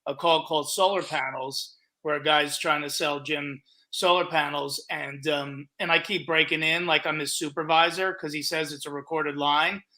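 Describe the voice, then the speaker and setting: A man's voice: a little high, steady tone, moderate pace, few pauses, pushed and bright. A middle-aged man and comedian recounting a prank call in a casual podcast chat.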